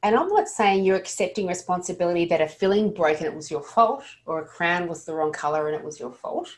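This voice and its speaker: Animated and fairly quick, a woman with a lowish voice teaches a practical lesson to dental practice staff. Her instruction is earnest, though she occasionally stumbles and restarts sentences.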